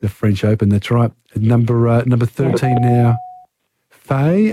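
A man hosting a talkback radio quiz, reading questions briskly and upbeat. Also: medium pitch, dark tone, a little hiss or hum.

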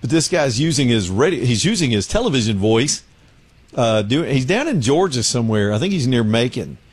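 A man's voice: mid-range voice, very animated, fairly quick, breathy edge, dry recording. Man telling stories. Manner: storytelling, acts out voices and laughs often. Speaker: radio show host. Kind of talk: casual chat.

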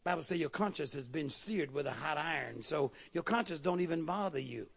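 High gravelly preacher guy, fired up, calling out to the church, lots of call and response. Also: expressive, fairly bright tone. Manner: fervent call-and-response preaching, quick asides. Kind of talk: sermon. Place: church service.

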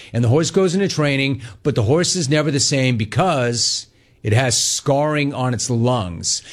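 A man hosting a sports talk show, telling a long story in a casual, animated way. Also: medium pitch. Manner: animated storytelling, mimics callers and others in quotes. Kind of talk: casual radio-style monologue.

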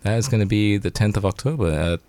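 A man's voice: fairly low pitch, fast, darkish tone. A man from Sri Lanka, a guest band member in casual chat, laid-back and slangy, laughing often and tired late at night.

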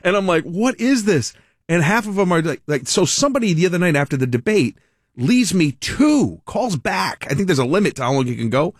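Rambling radio host, dry. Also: male voice, a little high, very animated, a little fast, dry recording. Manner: rambling, laughing, self-interrupting. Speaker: radio talk show host. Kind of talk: casual on-air talk.

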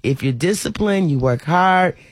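A woman hosting a talk show, chatting in an animated, preachy, folksy way. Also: fairly low pitch, normal speed, dry recording. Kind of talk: casual talk show chat.

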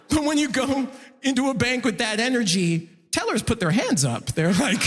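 High, lively man doing stand-up. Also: brisk. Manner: animated, loud jokey delivery with voiced characters. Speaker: stand-up comedian. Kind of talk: stand-up comedy set. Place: large concert hall stage. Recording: live hall recording with reverb. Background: audience laughter.

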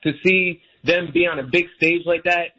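A male radio caller with a high, bright, somewhat husky voice. He talks eagerly and at length. The muffled line sounds dull. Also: fairly even intonation, moderate pace. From United States. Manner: enthusiastic, talkative. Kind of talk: call-in radio chat.

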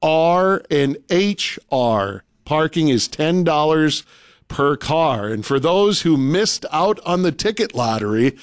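A male radio co-host whose voice sits a touch high. He reels off times, prices and parking details in a brisk, matter-of-fact list. The sound is dry and close, with no room around it. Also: lively intonation, clean tone, no echo. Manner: reads event details in a brisk, listy way. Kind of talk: casual radio chat and announcements.

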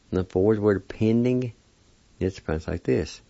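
A man's voice: on the low side, normal speed, gravelly, mellow, no room sound, dull audio. A man teaching a weekly pronunciation lesson on radio, patiently spelling words and repeating each one syllable by syllable.

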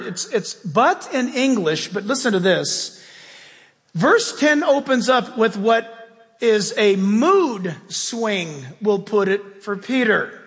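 A man's voice: extremely high pitch, fairly bright tone. A man pastor preaching a sermon in a church, emphatic and conversational with folksy asides. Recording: long reverb of a large hall.

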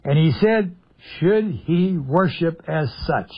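A man's voice: fairly high pitch, expressive, slow, slightly rough, dull audio. A man preaching a radio sermon, emphatic, asking the audience questions and answering them himself. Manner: emphatic, asks and answers his own questions.

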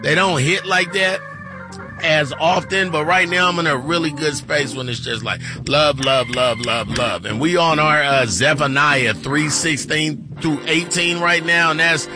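A middle-aged man co-hosting a gospel morning radio show, chatting casually in a playful, churchy way and breaking into shouted praise. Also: a little high, a little slow. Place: radio studio. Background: music bed.

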